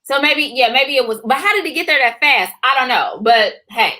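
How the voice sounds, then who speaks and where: Lady telling a story on a chat stream, bright voice, kinda high, acts out the voices. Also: brisk, low-quality recording. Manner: animated, acts out voices, many fillers. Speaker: co-author and co-host.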